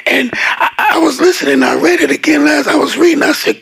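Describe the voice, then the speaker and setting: A male pastor with a very high voice full of gravelly fry. He preaches emphatically, swinging between hushed tones and shouts, and slows down to stretch out key words. He throws in casual joking asides to the congregation. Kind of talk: sermon.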